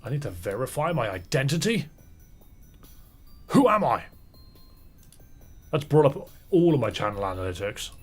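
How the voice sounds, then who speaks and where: A man's voice: medium pitch, sing-song, fast, darkish tone, faint music behind. A man streaming a fangame, chatting casually and muttering asides to himself as he plays. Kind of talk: casual gaming commentary and reading dialogue aloud.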